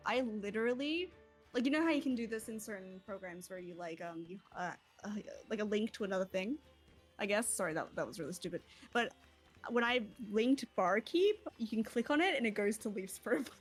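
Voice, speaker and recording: A young woman chats loosely during a streamed tabletop game, laughing often and swearing freely as she wanders off topic. Her pitch sits in an ordinary middle range. Faint music plays in the background. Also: lively intonation, moderate pace, slightly rough. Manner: giggly, rambling, swears freely. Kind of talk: casual streamed game chat.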